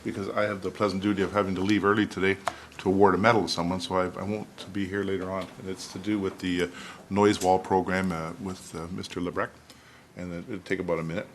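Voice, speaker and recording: A man with a very low voice addresses the chair formally. He asks staff for figures in a polite, meandering way, hesitating often. Faint noise sits under the recording. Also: level tone, fast. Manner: polite and procedural, with frequent fillers. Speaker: councillor. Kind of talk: council debate.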